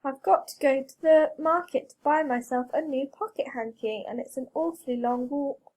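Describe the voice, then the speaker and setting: A woman's voice: sits high, normal speed, a little mellow, natural voice. A woman voicing a sly, cheeky male rabbit trickster in a storybook reading, eager and innocent-sounding.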